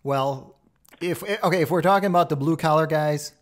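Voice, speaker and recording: A man with a Chicago accent hosting a casual interview, friendly and chatty and quick to laugh. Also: on the high side. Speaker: host.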